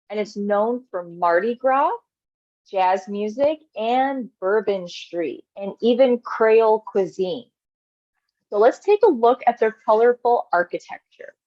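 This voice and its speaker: A woman's voice: on the high side, lively intonation, takes it slowly, no echo, lo-fi sound. A woman from the United States with a Southern American accent, giving a friendly, explanatory slide presentation as a volunteer presenter.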